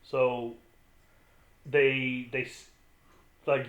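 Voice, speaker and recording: A man's voice: medium pitch, moderate pace, phone-quality sound. A man co-hosting a podcast, chatting casually and adding plot details to a movie recap. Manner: laid-back, chiming in with plot details. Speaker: podcast co-host. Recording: echoey room.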